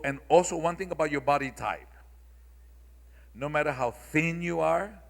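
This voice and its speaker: A man's voice: medium pitch, vocal fry, a bit bright. A man speaking at a symposium, lecturing the audience in an emphatic, repetitive, preacherly way. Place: large hall. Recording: long reverb of a large hall.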